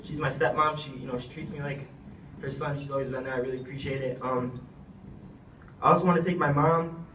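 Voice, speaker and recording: A man's voice: medium pitch, steady tone, fairly quick, a bit bright, distant mic, a little hiss or hum. Young man, earnest farewell speech, rambling, fillers; off-mic in an echoey room. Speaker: retiring wrestler giving a thank-you speech. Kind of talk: heartfelt speech.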